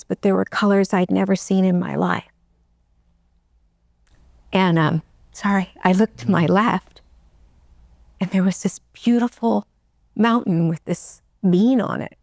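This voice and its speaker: Woman, middle-aged, interview guest, low voice, halting emotional storytelling, close to tears. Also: vocal fry, darkish tone, no room sound. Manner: emotional, halting, with many restarts. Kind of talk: personal storytelling.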